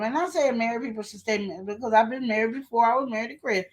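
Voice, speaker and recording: A woman with a somewhat high voice co-hosts a live relationship advice stream. She talks casually with slang. She presses her points with repeated questions. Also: rapid-fire, few pauses, a little hiss or hum. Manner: animated, emphatic, repeats questions. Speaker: co-host of a live advice show.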